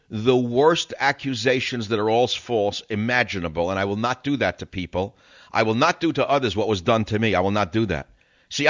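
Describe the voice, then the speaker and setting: A man's voice: lowish voice, a bit bright, no echo. Older guy radio host ranting on air, dry close mic, kinda dull sound. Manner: emphatic, preachy, repeats phrases for effect. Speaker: radio talk show host. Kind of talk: radio call-in talk. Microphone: studio broadcast mic.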